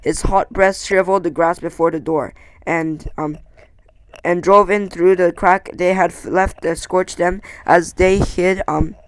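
Halting high-voiced male reader. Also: steady tone, clean tone, no echo, rough recording. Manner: halting, stumbling, many restarts. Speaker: amateur audiobook reader. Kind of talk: reading a novel aloud.

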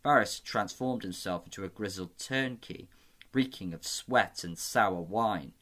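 A man reading a fantasy novel aloud as an amateur audiobook narrator, steady and measured. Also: lowish voice. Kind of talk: scripted narration.

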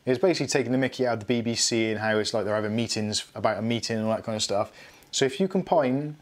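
A man's voice: lowish voice, rapid-fire. A middle-aged man hosting a live tech stream, rambling and self-mocking as he goes through his tools. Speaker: tech channel host. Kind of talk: casual live unboxing chat.

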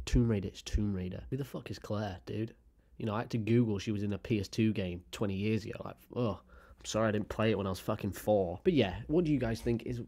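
A young man with a lowish, warm voice chats casually to camera about video games, rambling with plenty of fillers and frequent swearing, the way a gaming YouTuber would.

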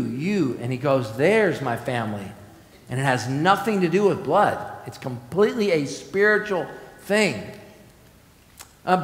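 A man preaching an expository sermon as pastor, emphatic, asking the congregation questions and letting his phrases fall away softly. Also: sits high. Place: church sanctuary. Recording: echoey church hall.

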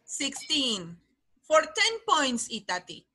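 Running a quiz game for an online English class for children, a woman cheers her pupils on, calling each by name. She speaks slowly in a high, sing-song voice that sounds pushed and bright.

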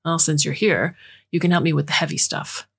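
A woman voicing an evasive, scheming middle-aged father who talks in a gruff, offhand way. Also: deep voice, steady tone, a little fast, a bit bright, full character voice.

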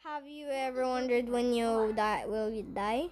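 High-voiced woman reading a spooky game survey. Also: a little slow, heavy background noise. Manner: playful, reads on-screen questions aloud and answers them; jokingly spooked, sometimes puts on a scary voice. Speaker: gamer. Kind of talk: casual gameplay commentary.

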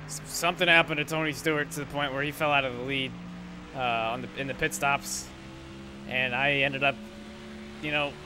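A young man giving casual, rambling gameplay commentary, sarcastic and quick to swear when frustrated. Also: medium pitch, fairly even intonation. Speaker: gaming YouTuber. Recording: loud engine noise behind voice. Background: game engine noise.

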